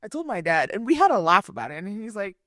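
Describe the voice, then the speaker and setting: Lively, sassy young woman storyteller. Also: mid-range voice, quick pace, no echo, clean studio sound. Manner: animated, sassy storytelling with playful asides. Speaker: podcast host. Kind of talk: storytelling podcast chat.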